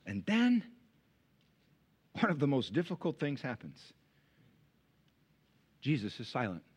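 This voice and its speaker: A man preaching a sermon as pastor, animated, firing rhetorical questions and dropping to quiet asides. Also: mid-range voice, takes it slowly, husky.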